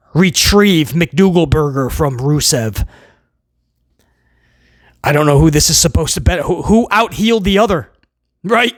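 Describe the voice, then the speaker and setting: A man rants through a review with blunt sarcasm and open exasperation, and now and then he bursts out loudly to mock what he watched. His voice sits high and swings widely in pitch. The tone is bright and edged, and the sound is dry and close. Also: no echo. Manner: mocks with loud comic outbursts. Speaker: wrestling show reviewer. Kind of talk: ranting solo review.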